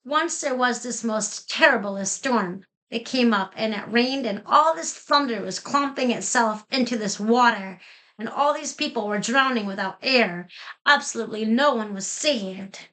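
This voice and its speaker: A bright, lively woman reads a children's storybook aloud, playful and full of expression. Her voice sits a little high and has a sharp, clear edge. She sounds young and keeps a light, giggly tone as she reads. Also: a little slow. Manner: animated, playful, giggling between pages. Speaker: children's book reader.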